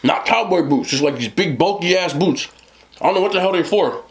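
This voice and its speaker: Rambling New Jersey man with lively pitch. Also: a little fast. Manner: rambling, laughing, lots of "you know what I'm talking about". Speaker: mukbang host. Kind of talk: casual storytelling to camera.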